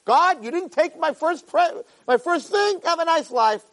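A man's voice: very high voice, lively intonation, measured pace, fairly bright tone, voice pushed up, full character voice. A man doing a whiny sulking young Cain. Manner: whiny, self-pitying complaining.

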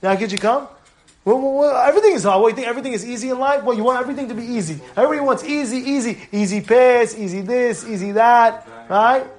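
A man's voice: very high voice, quick pace, few pauses. A man, a rabbi teaching a live class, speaking emphatically and repeating his points. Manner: emphatic, repetitive, animated storytelling. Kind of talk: live Torah class sermon.

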